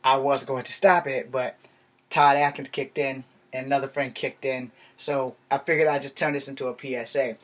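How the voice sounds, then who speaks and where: A man's voice: mid-range voice, level tone, moderate pace. A man from Virginia talking straight to his viewers in a rambling, profane rant, blunt and heated. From Virginia, USA. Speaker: vlogger. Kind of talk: casual ranting monologue.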